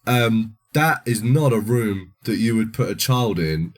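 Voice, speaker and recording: A man's voice: fairly low pitch, a little slow. A man co-hosting a podcast, casually recapping a movie and acting out the scenes. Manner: animated, acts out scenes in voices. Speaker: podcast co-host.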